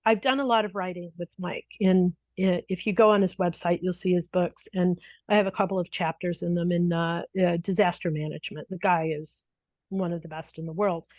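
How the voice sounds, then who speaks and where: Animated woman telling stories, dull dry sound. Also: fairly low pitch, brisk, no room sound. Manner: animated, laughs often, many restarts. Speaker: disaster mental health responder. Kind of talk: conversational storytelling interview.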